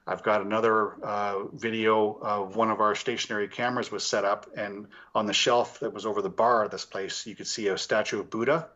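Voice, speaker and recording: A man's voice: on the low side, little pitch movement, a little fast, hardly any pauses, a bit bright. Male paranormal investigator, guest spot, rambling storyteller, comes through a dull lo-fi call. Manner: rambling, with many restarts and fillers. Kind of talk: casual interview storytelling.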